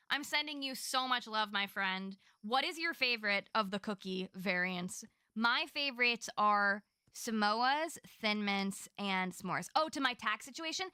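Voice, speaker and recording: A young adult woman livestreamer in casual chat with her viewers, effusive and quick to laugh. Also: on the high side, pushed and bright, clean tone, no room sound, studio quality. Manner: chatty and effusive, laughs often. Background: music playing behind.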